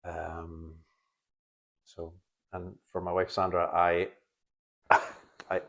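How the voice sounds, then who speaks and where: A man, a photographer and tour guide, chatting as a podcast guest in a halting, stop-start way with many restarts. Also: low voice, completely flat delivery, gravelly, fairly bright tone. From Scotland. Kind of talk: casual podcast conversation.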